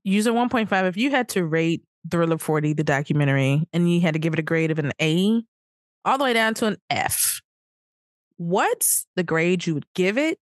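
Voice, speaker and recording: A woman's voice: lowish voice, expressive, moderate pace, no echo, studio quality. A woman hosting a podcast in casual chat, playful and teasing, laughing often. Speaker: podcast host.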